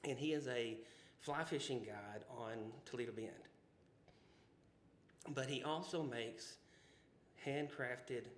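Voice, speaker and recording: Speaking slowly and pausing often, this medium-pitched man co-hosts a casual podcast with a Southern US accent. His stories wander in a folksy way, with frequent restarts, asides, and "you know." Slight noise, a roomy echo, and faint ambience sit behind him.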